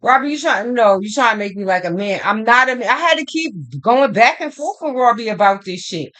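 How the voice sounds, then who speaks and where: A woman's voice: on the high side, fairly quick. A woman who reads astrology and tarot, talking in a casual monologue. She tells stories in a rambling, profane way and keeps acting out both sides of old arguments with emphasis. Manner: animated, profane, rambling storytelling; emphatic back-and-forth retelling of arguments.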